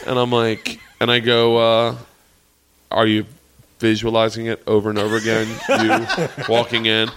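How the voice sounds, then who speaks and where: A man in his forties telling a long comedy story in casual chat, animated and profane, often laughing. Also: medium pitch, normal speed, a little hiss or hum. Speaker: comedian guest.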